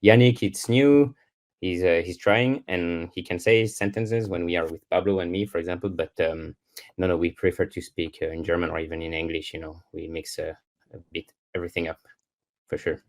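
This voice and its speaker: A man with a Swiss French accent and a very low, deep voice talks casually as a podcast guest. He keeps stopping to search for English words, filling the gaps with fillers and restarts. He is heard over a remote call connection. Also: fairly even intonation, brisk. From Switzerland. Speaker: guest curler.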